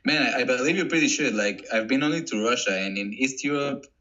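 Man from Israel, English, halting delivery; dull lo-fi remote audio. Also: medium pitch, sharp tone. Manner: halting, restarts often, non-native English. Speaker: guest. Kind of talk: casual interview talk.

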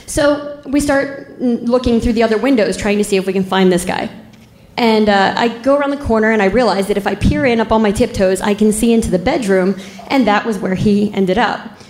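A woman's voice: mid-range voice, darkish tone. Wry woman telling a story, echoey room. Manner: unhurried, wry, laughs at the grim parts. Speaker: police officer telling a story. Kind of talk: casual spoken storytelling. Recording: roomy echo.

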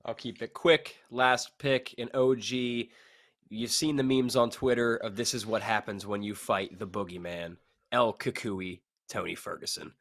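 Male co-host, lowish voice, excitable, punches up the big lines. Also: measured pace. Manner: excitable, builds up to loud punchlines. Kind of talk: casual sports radio banter.

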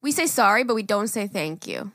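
A woman's voice: mid-range voice, animated, a little fast, fairly bright tone, no room sound, studio quality. A young woman co-hosting a podcast in casual chat, blunt and profane, often laughing. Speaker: podcast co-host.

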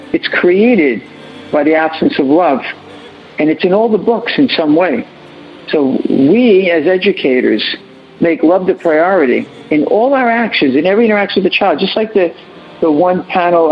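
A man's voice: sits high, dull audio. A man speaking as an educator on a panel, earnest and preachy, often repeating his phrases. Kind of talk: impassioned panel remarks.

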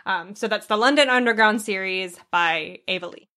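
A woman's voice: medium pitch, moderate pace, bright, forceful tone. A woman co-hosting a casual book chat, gushing and laughing, with lots of fillers. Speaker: podcast co-host.

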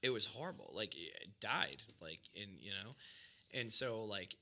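A man's voice: fairly low pitch, expressive, measured pace, bright, forceful tone. A man from Massachusetts hosting a podcast, telling a long story in casual, profane chat full of "like" and "dude". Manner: rambling, profane, fillers like "like" and "dude". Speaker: podcast host.

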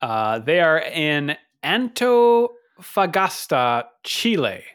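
Bright, lively man hosting. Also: fairly high pitch, very slow, clear, resonant tone. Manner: upbeat, runs the show segments. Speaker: podcast host. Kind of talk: casual chat.

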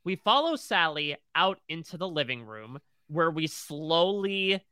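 A man's voice: fairly high pitch, big pitch swings, measured pace, pushed and bright, clear, resonant tone, dry recording. A man co-hosting a TV recap podcast, retelling scenes in close detail. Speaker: podcast co-host.

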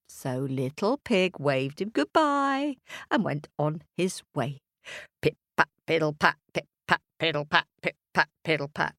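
Animated storyteller for kids, playful, unhurried, wide swoops in pitch. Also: female voice, no echo, studio quality. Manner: animated, playful, makes sound effects. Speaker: children's storyteller. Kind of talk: storytelling for children.

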